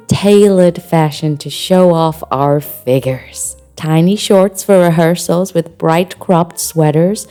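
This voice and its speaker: A woman's voice: on the low side, slow pace, few pauses, mellow, faint music behind. A woman reading scripted audio description for a stage show, playful and theatrical in manner.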